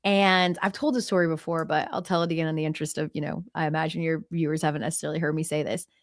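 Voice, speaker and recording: Woman sports anchor, podcast guest, animated storyteller, dry close sound. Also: low-pitched, very fast, dry recording. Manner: lively storyteller, acts out quotes. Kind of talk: casual interview chat.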